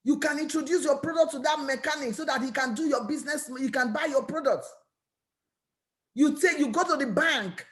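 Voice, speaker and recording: A high-pitched woman speaks with a Nigerian English accent. She gives an energetic, preachy motivational talk as a network marketing business owner. She stumbles over and repeats words as she pushes her point.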